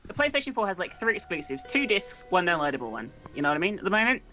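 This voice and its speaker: Fast-talking, ranting woman gamer. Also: fairly low pitch, big pitch swings, bright, forceful tone, soft background music, low-quality recording. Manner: rapid, ranting, sarcastic. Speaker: co-streamer guest. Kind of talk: live gameplay chat.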